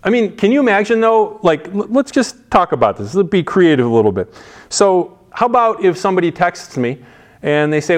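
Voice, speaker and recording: A man's voice: high-pitched, sing-song, brisk. Casual, emphatic male preacher. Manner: casual and emphatic, with frequent restarts and asides. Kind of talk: conversational sermon.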